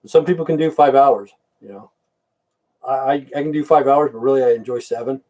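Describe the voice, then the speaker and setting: A man's voice: medium pitch, brisk, a little mellow, recorded from a distance. An older man hosting a casual livestream, rambling in blunt, profane rants. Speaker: livestream host.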